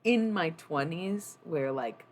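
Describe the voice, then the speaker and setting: A woman's voice: sits low, expressive, takes it slowly, slight background noise. A young adult woman chatting casually on a livestream, rambling and swearing freely. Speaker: streamer.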